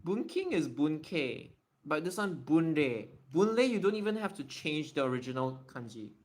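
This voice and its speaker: A man's voice: fairly high pitch, sing-song, normal speed. A man hosting a casual livestream Q&A, thinking aloud and often correcting himself and apologizing. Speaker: livestream host. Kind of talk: casual livestream Q&A while writing.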